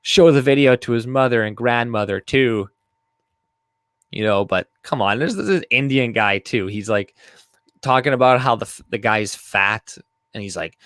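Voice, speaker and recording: This man from Canada gives rambling, foul-mouthed commentary on news stories as a video commentator, reading the articles out loud with plenty of fillers and laughter. His mid-range voice is lively and a bit bright, at a moderate pace, in a dry recording.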